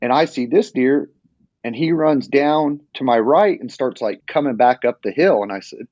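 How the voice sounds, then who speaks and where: Brief: mid-pitched male storyteller, rambling and animated, dry, dull lo-fi podcast sound. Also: normal speed, dry recording. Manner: animated, rambling retelling with many restarts. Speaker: hunting guest telling a story. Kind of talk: casual storytelling.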